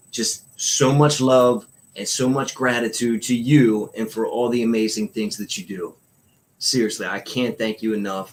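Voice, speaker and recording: A man speaking as a guest, giving heartfelt thanks before introducing himself. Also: medium pitch. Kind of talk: grateful greeting.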